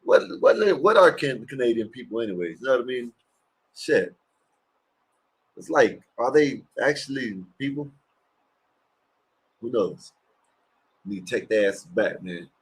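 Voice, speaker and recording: A man's voice: mid-range voice, very animated, measured pace, pauses often, slightly rough. A man hosting a livestream, giving rambling, crude, mocking reactions to clips. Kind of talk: casual profane reaction commentary.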